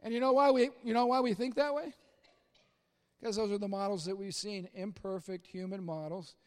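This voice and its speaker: A man preaching with a very high voice, lively and theatrical. He acts out scenes and bursts into shouts at his peaks. The sound rings with the long echo of a big hall. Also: normal speed. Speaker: pastor. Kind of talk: sermon.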